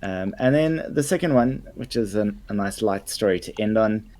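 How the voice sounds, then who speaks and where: Man, low voice, lots of ums, casual podcast news. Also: animated, moderate pace. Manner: hesitant with many ums, warming up to enthusiasm. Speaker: podcast co-host.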